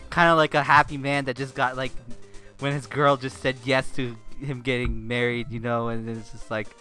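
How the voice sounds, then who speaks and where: A man's voice: mid-range voice, little pitch movement, normal speed, sharp tone, faint music behind. A young man teasing his co-player with jokes during a casual gaming commentary. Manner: teasing, joking, breaks into mock singing. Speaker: Let's Play co-commentator.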